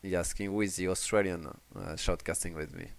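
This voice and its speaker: French-accented guy casting a strategy game, low smooth voice, lots of uh and restarts. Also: fairly even intonation, brisk. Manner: hesitant, many fillers and restarts. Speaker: esports caster. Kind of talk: casual game commentary.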